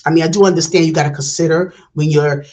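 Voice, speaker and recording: A woman's voice: low-pitched, fairly even intonation, fast talker, a little mellow, rough recording. A woman hosting a reaction video, giving passionate casual commentary with many restarts. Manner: passionate, talks it through with restarts.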